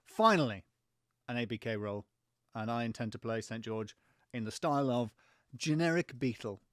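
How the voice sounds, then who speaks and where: A man's voice: medium pitch, animated, normal speed, a bit bright, no room sound. A man co-hosting a podcast with wry, dry teasing banter. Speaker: podcast co-host. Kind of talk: comedic banter.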